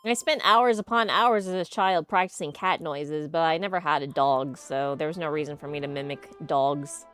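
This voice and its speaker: A woman's voice: low voice, moderate pace, fairly bright tone, clear, resonant tone, faint music behind. A young adult woman streaming a game live, chatting casually, laughing often and telling rambling stories. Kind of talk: casual live gameplay commentary.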